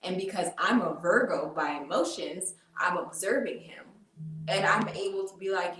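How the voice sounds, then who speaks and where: A woman's voice: fairly low pitch, normal speed, a bit bright. A woman, a tarot reader guest on a podcast, chatting casually and earnestly explaining spiritual ideas with fillers. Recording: roomy, distant from the mic.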